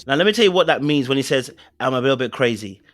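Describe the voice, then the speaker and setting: A man's voice: mid-range voice, animated, fast talker, fairly bright tone, no echo, clean studio sound. A man hosting a relationship commentary, speaking earnestly and directly to his viewers. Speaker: host. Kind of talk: relationship commentary on a video clip.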